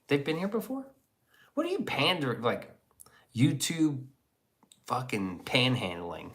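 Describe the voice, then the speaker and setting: A man's voice: mid-range voice, sing-song, unhurried, a bit bright. A man hosting a livestream, chatting casually, reading viewer comments and joking crudely. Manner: crude, joking, rambling banter. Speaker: livestream host.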